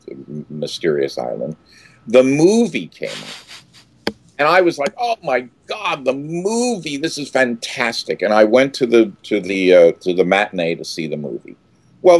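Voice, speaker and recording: A man in his sixties, an actor being interviewed, telling stories with much animation, acting out quotes with sudden loud outbursts and many restarts. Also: lowish voice, no echo.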